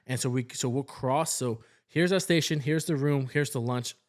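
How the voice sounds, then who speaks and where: A man's voice: medium pitch, moderate pace. A young man, a nurse co-hosting a podcast, telling a work story in casual chat and acting out the people he quotes. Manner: animated, acts out quoted people. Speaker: podcast co-host, ICU nurse.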